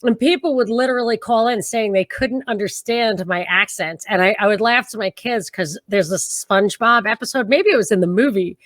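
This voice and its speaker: A middle-aged woman with a New York accent from Brooklyn, co-hosting a casual livestream chat, animated and quick to laugh. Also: medium pitch, no echo, studio quality. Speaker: podcast co-host. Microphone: livestream video call.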